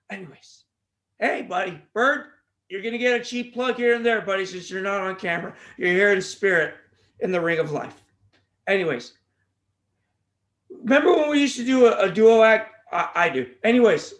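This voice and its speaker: High voiced guy rambling on his podcast, goofy, all over the place with jokes and plugs. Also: fairly bright tone. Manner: jokey, goes off on tangents, plugs the show. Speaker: podcast host. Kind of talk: casual rambling monologue.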